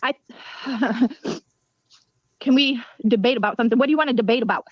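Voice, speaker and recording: A woman's voice: fairly high pitch, a little fast, no room sound. A woman hosting a livestream, ranting angrily with lots of swearing. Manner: angry, profane, emphatic. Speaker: livestream host. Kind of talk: heated livestream rant. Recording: dull lo-fi stream audio.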